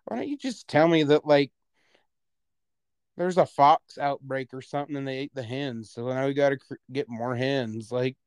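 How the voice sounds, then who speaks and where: A man co-hosting a casual podcast, telling stories in an animated way and laughing between words. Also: medium pitch, normal speed, clear, resonant tone, no echo, studio quality. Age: adult parent. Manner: animated storyteller, laughs mid-sentence. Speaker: podcast co-host.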